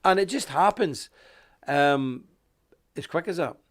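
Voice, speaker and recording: His voice is on the high side, with lively intonation and a slow pace. He's a middle-aged Northern Irish host doing a live online commentary, coughing as he rambles indignantly, reads from a paper and greets viewers.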